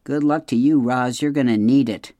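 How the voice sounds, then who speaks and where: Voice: mid-range voice, normal speed, dark tone, dry recording, clean studio sound, close to an everyday voice. A storyteller voicing a sly, hungry fox who growls and sneers in a children's storybook read-aloud.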